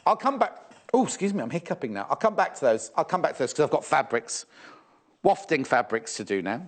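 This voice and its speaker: A middle-aged man hosting live studio shopping TV, full of chatty asides as he reads out viewer messages. His voice sits a little high and swings about a great deal. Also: big pitch swings, brisk. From England. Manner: chatty, fussing aloud, reading out viewer messages. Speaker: shopping channel presenter. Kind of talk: live sewing shopping TV chat.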